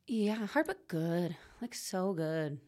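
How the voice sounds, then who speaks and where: This guest, a fermented foods producer in her forties from Connecticut, has a lowish, dark-toned voice and takes things slowly but expressively. Chatting casually in the interview, she laughs often and drifts off mid-thought, using many fillers.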